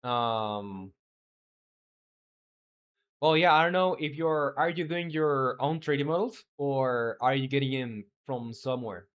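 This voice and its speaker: A man's voice: mid-range voice, a little slow, fairly bright tone. A man talking casually while streaming game development, reading chat aloud and rambling with many fillers.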